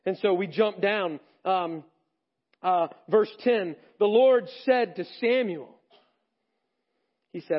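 A male pastor preaching a sermon, animated and swinging between loud and hushed delivery. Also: sits high, slow, pauses often, muffled recording.

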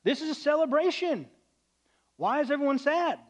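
A man's voice: very high voice, animated, moderate pace, voice pushed up. A pastor voicing a male funeral eulogist in a cheerful, exclaiming manner during a sermon. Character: excited male church eulogist, upbeat.

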